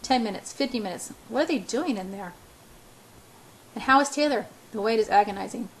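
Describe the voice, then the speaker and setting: A woman's voice: a little high, brisk, rough recording. A woman reading a first-person novel aloud, often stumbling and restarting words. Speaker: audiobook reader.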